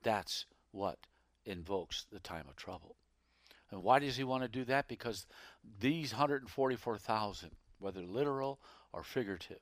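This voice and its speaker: Male preacher, sermon, lively swooping pitch, dry close sound. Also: normal speed, no echo. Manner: dramatic, swinging from hushed to emphatic.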